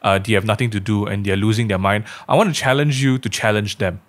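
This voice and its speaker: A man's voice: lowish voice, steady tone, quick pace. A man co-hosting a casual podcast, talking earnestly with many fillers and rhetorical questions. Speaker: podcast co-host.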